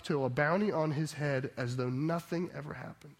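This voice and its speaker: A male pastor gives a sermon in a fairly high voice. He tells the story in a steady storyteller's way, then presses his point with emphatic preaching. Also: normal speed, vocal fry, few pauses.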